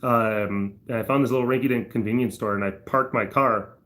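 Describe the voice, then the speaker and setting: On a livestream, a man with a medium-pitched, fairly bright voice and fairly even intonation tells a rambling story at a brisk clip, full of fillers and restarts, while reading chat. He laughs as he goes, and his voice jumps up whenever he retells someone's outburst.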